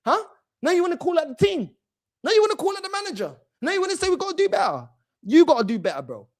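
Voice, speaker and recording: A man's voice: very high voice, fast. A man hosting a fan channel and mocking a video in heated, slangy reaction commentary. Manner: mocking, loud and animated, slangy, repeats "bro".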